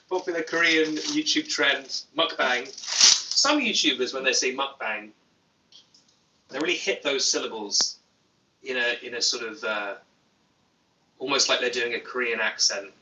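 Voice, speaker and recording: A man's voice: mid-range voice, measured pace, long pauses, reverberant, recorded from a distance, noisy background. A young British man hosting a casual livestream, reading chat aloud with dry, self-mocking humor. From Britain. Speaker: YouTube host. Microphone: phone.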